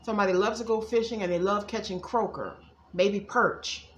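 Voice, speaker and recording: A woman's voice: mid-range voice, fairly even intonation, normal speed, reverberant, a little hiss or hum. A woman giving casual psychic readings to viewers, chatty and folksy, calling them y'all. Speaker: psychic reader.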